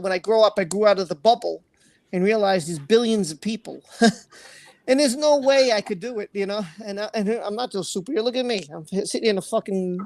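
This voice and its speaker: Gravelly man hosting an emotional livestream. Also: sits high, dry recording. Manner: earnest and emotional, swears freely, repeats phrases. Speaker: livestream host. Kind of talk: emotional livestream chat, reading comments aloud.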